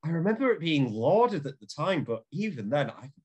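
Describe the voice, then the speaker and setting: A man's voice: a little high, sing-song, slightly rough. A man co-hosting a podcast, rambling through film talk with lots of fillers and restarts. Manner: rambling, halting, many fillers. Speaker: podcast co-host. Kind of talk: casual film discussion.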